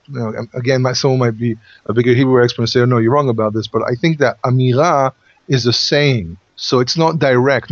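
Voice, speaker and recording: A man's voice: mid-range voice, no echo. Explaining man, dry dull recording. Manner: explanatory, thinks aloud with restarts. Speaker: host and Bible teacher. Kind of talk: Bible study discussion.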